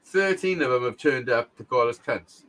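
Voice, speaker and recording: A man's voice: medium pitch, expressive, normal speed, a bit bright. A middle-aged man, co-hosting a podcast and telling a blunt, sweary story with frequent laughs. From Wales. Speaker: podcast co-host. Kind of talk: casual storytelling chat.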